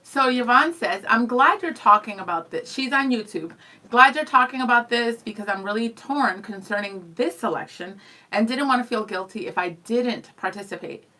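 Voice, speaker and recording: Bubbly bright-voiced radio co-host woman. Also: on the high side, animated. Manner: bubbly, laughing, quick to tease. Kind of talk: casual studio chat, reading listener comments. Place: radio studio.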